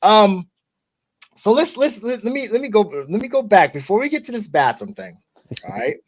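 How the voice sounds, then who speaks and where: Male podcast host from the US, slightly higher voice, casual talk full of restarts and check-ins. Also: sing-song, normal speed. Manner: conversational, repeats and restarts, frequent "okay?" asides.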